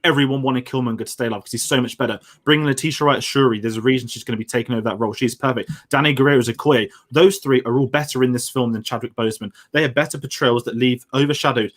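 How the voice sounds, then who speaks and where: A man's voice: mid-range voice, steady tone. A man making a heated case in a podcast debate, pushing his points hard. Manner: fast, forceful arguing.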